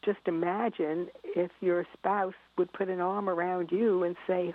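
A woman's voice: lowish voice, little pitch movement, a little slow, hardly any pauses. A middle-aged woman, an author and parenting expert, telling stories animatedly and acting out scenes, laughing often. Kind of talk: storytelling in a conversation. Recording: tinny phone-like line, dry.

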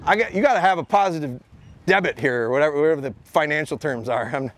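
Man, high voice, dog trainer, live outdoor seminar, energetic repetitive coaching. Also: fast. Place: outdoor expo training area.

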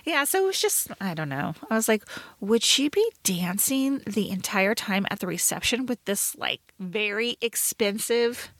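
A woman co-hosting a podcast in casual chat, talking fast and loose with lots of fillers and playful quoted asides. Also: medium pitch, very animated, a bit bright, dry recording. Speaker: podcast co-host.

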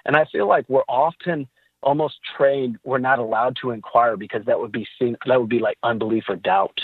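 A man talking casually about faith as a podcast guest, telling animated stories with laughs. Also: medium pitch, husky, dry recording. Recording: tinny phone-like line.

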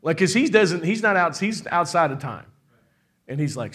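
A middle-aged man, a pastor, preaching a lively sermon and calling out to the congregation for amens. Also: fairly high pitch, normal speed. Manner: preaching with call-and-response and laughter.

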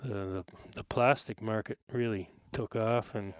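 An older man as an interview guest, recalling the past in a halting, thoughtful way with many fillers. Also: lowish voice, steady tone, smooth, dry recording, clean studio sound. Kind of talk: casual interview chat.

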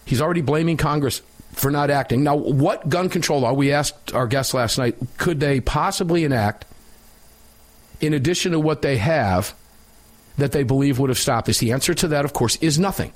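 A man's voice: a little high, normal speed. A man hosting a talk radio show, giving opinionated commentary in an emphatic, sarcastic way.

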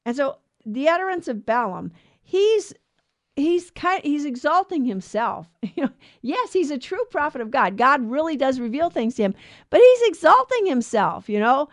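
A woman with a fairly high voice hosts a radio Bible show and teaches on scripture. She speaks earnestly and emphatically and often restarts her phrases. The sound is close and dry, with no room around it. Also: sing-song, moderate pace, dry recording.

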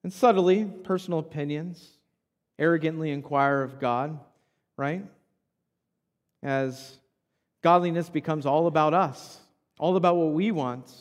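A male pastor in his thirties delivers a sermon from the pulpit. His voice sits high for a man. He talks in a conversational way, often asking "right?", and the sound carries a long, echoing reverb from the church hall. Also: unhurried, pauses often. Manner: conversational preaching with frequent tag questions.

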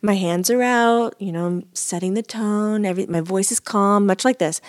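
A woman's voice: mid-range voice, moderate pace, hardly any pauses. A woman co-hosting a podcast, telling a story in casual chat and often breaking into laughter. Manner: giggly storytelling, bursts of laughter. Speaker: podcast co-host.

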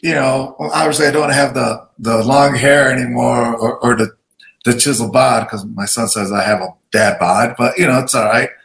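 A raspy-voiced man in his forties, a military veteran guest, telling stories in a lively, laughing, self-deprecating way. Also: mid-range voice, moderate pace, echoey room, low-quality recording. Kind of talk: casual storytelling interview.

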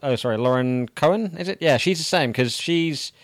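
A man's voice: on the high side, expressive, normal speed, dry recording, studio quality. A man hosting a podcast, chatting in an easygoing way, agreeing readily and trailing off mid-thought. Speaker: podcast host. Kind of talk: casual interview chat.

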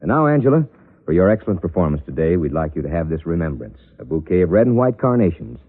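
A man announcing a 1950s radio show and reading ads in a smooth, salesy, emphatic way. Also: low-pitched, very animated, fast talker. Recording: tinny lo-fi vintage radio broadcast.

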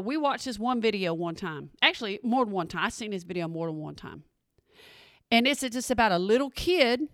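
A middle-aged woman, hosting a podcast and chatting with her listeners, calling them y'all. Her voice is a little hoarse, with an occasional frog in her throat. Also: fairly high pitch, a bit bright, no echo, studio quality. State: slightly hoarse, clearing throat. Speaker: podcast host. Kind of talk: casual chat.

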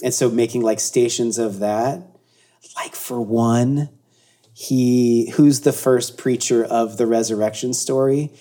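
Male guest, reflective, rambling, halting speech, animated asides. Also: mid-range voice. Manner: rambling, many restarts and fillers, animated asides. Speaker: guest, artist and speaker. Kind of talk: reflective interview conversation.

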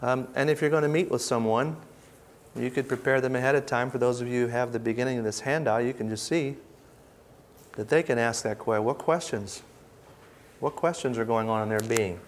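A man giving an informal Bible teaching, conversational and reflective, with pauses and restarts as he reads verses aloud. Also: mid-range voice, a little hiss or hum. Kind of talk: informal teaching talk with scripture readings.

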